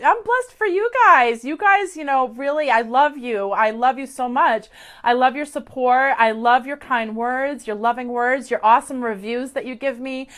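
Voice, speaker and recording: A woman's voice: fairly high pitch, fairly bright tone. A woman psychic medium giving effusive live-stream readings to viewers, chatty and gushing with many fillers, into a webcam or phone mic.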